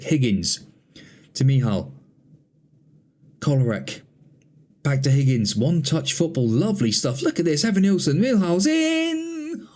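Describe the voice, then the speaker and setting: A man's voice: mid-range voice, darkish tone. A man playing a football management game, commenting on the matches in chatty mock broadcast style and talking to an imaginary co-commentator. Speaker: gaming channel host.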